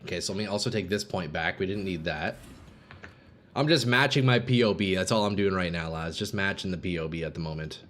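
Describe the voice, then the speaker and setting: A brisk, low-voiced man with a fairly bright tone streams a game from his home setup on a desk microphone. He chats loosely with viewers, reads their messages aloud, and has sudden bursts of hype while playing.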